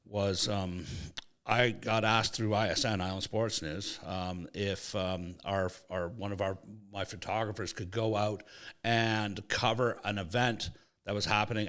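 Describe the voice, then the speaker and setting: A man hosting a sports podcast, telling a casual anecdote with swearing and acted-out quotes. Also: lowish voice. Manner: animated, swearing, acts out voices in anecdotes. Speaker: podcast host. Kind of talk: casual storytelling chat.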